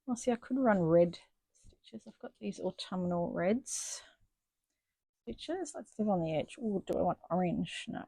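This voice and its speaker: Woman, chatty stitching vlog, lowish voice, husky. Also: lively intonation, unhurried, mellow, dry recording. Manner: chatty, thinking aloud, self-deprecating. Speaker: stitching vlogger. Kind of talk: casual chat while stitching. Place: home craft studio.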